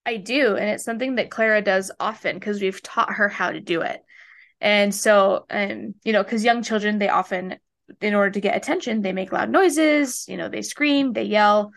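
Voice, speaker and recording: A young mother chats easily about raising her toddler, in a relaxed, conversational way. Her voice sits in a middle register. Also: medium pitch, moderate pace, creaky. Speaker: guest parent. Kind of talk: casual chat.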